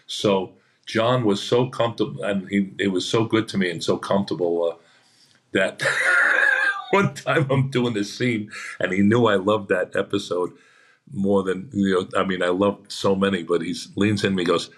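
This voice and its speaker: Man, very low voice, chatty actor guest, rambling anecdotes, acts out quotes. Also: steady tone, normal speed, a bit bright.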